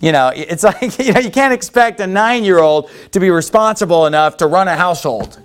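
A man's voice: high-pitched, a little fast, clean tone. A man preaching a sermon as a pastor, emphatic and conversational, with frequent "you know" asides.

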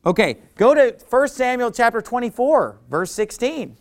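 A man preaching a sermon, who acts out the people he quotes with sudden loud outbursts. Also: very high-pitched, big pitch swings, moderate pace.

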